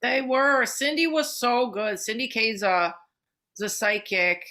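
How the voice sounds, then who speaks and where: Bright-voiced chatty woman. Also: fairly high pitch. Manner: swears freely, fast excited storytelling with many fillers. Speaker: podcast co-host. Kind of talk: casual chat.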